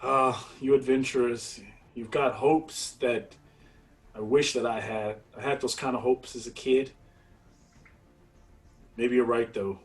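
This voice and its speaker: A man's voice: medium pitch, steady tone, a little slow, long pauses, soft background music, natural voice. A man voicing a nervous, underpaid town guard in a tabletop game, pleading and hesitant, recorded a little away from the mic. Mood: wary. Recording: voice somewhat far from the mic.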